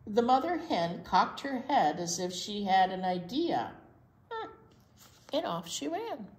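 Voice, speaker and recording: A woman reading a picture book to small children, her voice rising and falling with great animation. She takes her time, stopping to ask little questions, in a room with a clear echo. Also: medium pitch, very animated, slow. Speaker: children's librarian. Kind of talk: picture-book read-aloud storytime.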